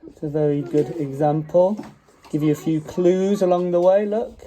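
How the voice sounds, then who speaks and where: Recorded roughly on a phone set on a home dining table, with children nearby, this man speaks in a high, mellow voice at normal speed and a steady tone. He has a Staffordshire Midlands accent and is teaching English phonics, drawing out and repeating vowel sounds with patience.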